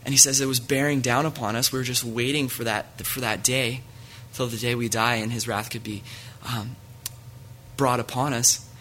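A man's voice: mid-range voice, steady tone, normal speed, sharp tone, a little hiss or hum. A man preaching a sermon in an earnest way, reading scripture aloud to his listeners.

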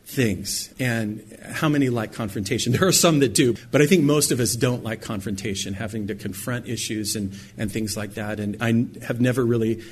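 A middle-aged man preaching a sermon, acting out quoted lines with sudden high, loud bursts. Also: normal speed, hardly any pauses, a little hiss or hum. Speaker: pastor.

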